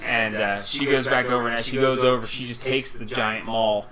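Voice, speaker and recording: A man running a tabletop game as game master, narrating in a relaxed way and voicing characters' quotes. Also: mid-range voice, normal speed, echoey room. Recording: noisy room with crowd chatter. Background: crowd chatter.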